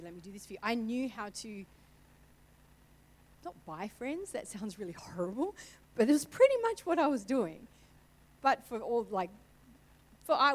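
A woman's voice: medium pitch, low-quality recording. A middle-aged woman speaking candidly and conversationally from a church stage, sharing a personal testimony. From Italian family background. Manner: candid, conversational, emotional at times.

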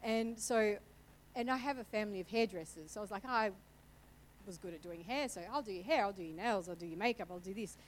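A woman's voice: mid-range voice, a little fast, slight background noise, rough recording. A middle-aged woman speaking candidly and conversationally from a church stage, sharing a personal testimony. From Italian family background. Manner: candid, conversational, emotional at times.

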